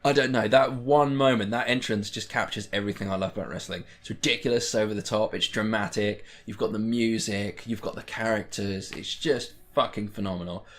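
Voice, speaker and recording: A young man chatting casually as a vlogger, excitable and rambling, swearing freely. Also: on the low side, a little fast, few pauses. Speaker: wrestling vlogger. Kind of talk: casual chat.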